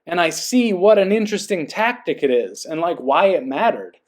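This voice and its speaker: A man's voice: high-pitched, lively intonation, normal speed. A man hosting a podcast, reading a passage aloud and then musing earnestly, often checking in with the listener. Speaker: podcast host. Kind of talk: reading aloud and reflective monologue.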